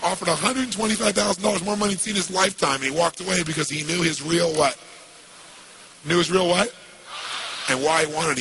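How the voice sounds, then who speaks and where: Gravelly man telling a story. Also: a little high, slight background noise, poor audio. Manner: lively, acts out quoted dialogue, asks the audience questions. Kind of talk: storytelling to an audience.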